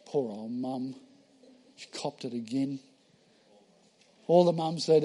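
A man preaching a conversational sermon in a church, telling stories and acting out voices, swinging between loud and soft. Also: medium pitch, takes it slowly, pauses often, husky.

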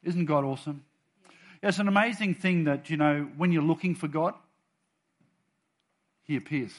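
A man preaching to his church, moving between soft chatty asides and loud, bold readings of scripture. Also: a little high, moderate pace. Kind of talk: sermon.

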